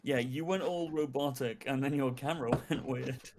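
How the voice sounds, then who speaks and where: A man's voice: medium pitch, moderate pace, background noise. A man playing a tabletop game, laughing often and swearing casually. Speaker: player.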